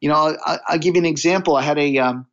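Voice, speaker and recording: A man's voice: on the high side, fast, a bit bright. A man as a podcast guest, talking earnestly in a conversational interview and telling anecdotes, often restarting his phrases. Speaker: podcast guest, sales coach. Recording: dull lo-fi audio.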